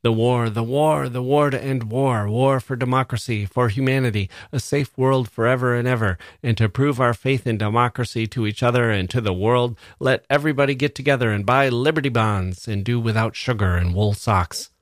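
A man's voice: mid-range voice, moderate pace, hardly any pauses, no echo, studio quality, voice pushed up, natural voice. A man reading the part of a pompous middle-aged war-bond orator who declaims slogans in a grandiose way. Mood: bombastic.

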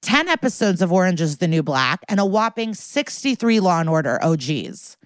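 A woman's voice: lowish voice, normal speed, dry recording. A woman co-hosting a podcast, recapping a TV episode in casual chat and acting out the characters' lines as she goes. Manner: animated, acts out the characters' lines. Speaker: podcast co-host.

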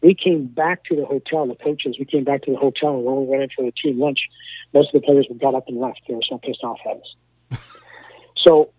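Speaking briskly at medium pitch, a man who went from hockey coaching to broadcasting gives an animated storytelling radio interview, repeating words and acting out dialogue. The tinny phone line is dry, with no echo.

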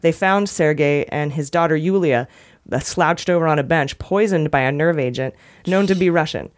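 A woman's voice: low-pitched, normal speed. Wry woman podcast host. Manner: wry, laughs often while talking. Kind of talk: casual news chat.

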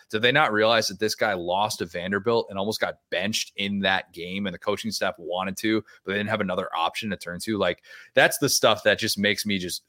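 Male analyst guest, low voice with a bright, forceful edge, opinionated delivery, suits casual podcast chat. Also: no echo, clean studio sound. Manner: emphatic, opinionated. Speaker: college football analyst guest.

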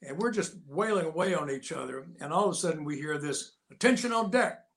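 A man in his sixties, an interview guest telling animated, folksy anecdotes in a casual way. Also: fairly high pitch, fast, gravelly. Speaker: interview guest, actor and Navy veteran.

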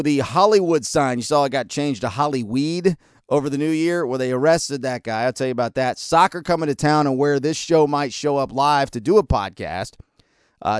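A man's voice: mid-range voice, smooth, no room sound, clean studio sound. A man hosting a podcast, delivering a blunt, sarcastic talk-radio monologue. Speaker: podcast host.

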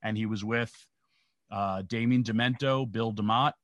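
Low-voiced man telling old stories. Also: steady tone, moderate pace, no room sound. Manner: rambling anecdotal, acts out quotes. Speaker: guest, former pro wrestler. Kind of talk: casual storytelling interview.

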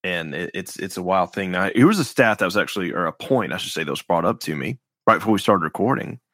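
Male podcast host, lowish voice, dry close sound, rambling stat talk. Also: animated, fast talker, a bit bright, no echo. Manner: rambling, restarts phrases, wry about stats. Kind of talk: casual sports podcast chat.

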